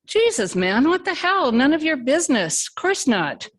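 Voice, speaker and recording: A woman reading a story aloud, voicing an angry young man who argues, swears and shouts. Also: sits high, expressive, unhurried, exaggerated voice. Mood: heated.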